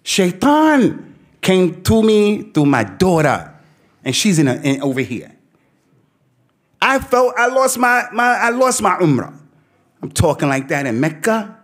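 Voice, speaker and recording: Animated preacher, streetwise slang. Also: male voice, high voice, unhurried, pauses often. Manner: streetwise American slang mixed with Arabic phrases; animated storytelling, quoting himself. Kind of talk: talk to a youth audience.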